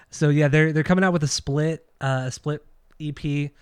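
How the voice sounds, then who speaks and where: A man's voice: fairly high pitch, clean tone, dry recording. A man co-hosting a casual podcast about records and bands. He argues his tastes bluntly and swears freely. His voice is recorded dry and close, with no room sound around it. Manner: opinionated, swears freely, argumentative. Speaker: podcast co-host.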